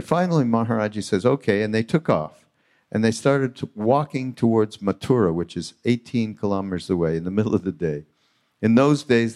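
A man hosting a podcast live on a retreat stage, telling a spiritual story in an animated way. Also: lowish voice. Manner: animated storyteller acting out quotes. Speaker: podcast host.

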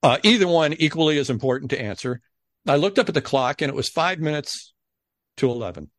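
A man who is a guest on a podcast, telling a story in a casual, animated way and acting out the people he quotes. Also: fairly high pitch, a little fast, no room sound, studio quality.

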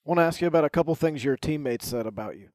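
A man's voice: on the high side, fast, a little mellow, no echo, clean studio sound. A man co-hosting a show, asking casual, lighthearted questions and teasing his guest. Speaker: show co-host. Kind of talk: casual, joking interview questions.

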